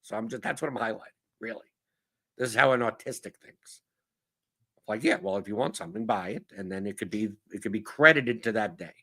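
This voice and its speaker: A man's voice: on the low side, animated, fairly quick, creaky, bright, forceful tone. A man hosting a casual Q&A show, riffing bluntly and profanely in an exasperated monologue. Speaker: podcast host answering viewer questions.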